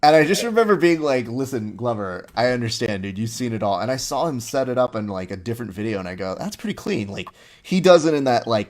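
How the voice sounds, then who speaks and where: A fairly low-voiced man hosts a relaxed interview. He tells his stories with real energy and jumps into the voices of the people he quotes. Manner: animated storyteller who acts out quoted lines. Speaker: podcast host. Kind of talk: casual interview chat.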